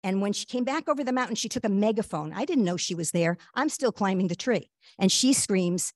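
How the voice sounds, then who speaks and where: A woman guest shares a personal story in an earnest, halting voice that leans on fillers and small restarts. Her pitch sits in an ordinary middle range. The sound is dry and close, with almost no room around it. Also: lively intonation, dry recording. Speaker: guest speaker.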